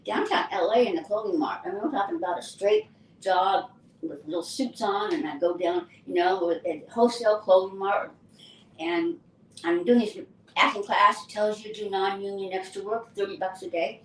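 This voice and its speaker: An older actress telling stories from her career in a lively, chatty way. Her voice sits at a medium pitch. She is picked up from some distance in an echoey room with faint ambience behind her. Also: normal speed, a little hiss or hum. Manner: lively anecdotal storyteller. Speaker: actress and guest. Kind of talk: casual interview storytelling.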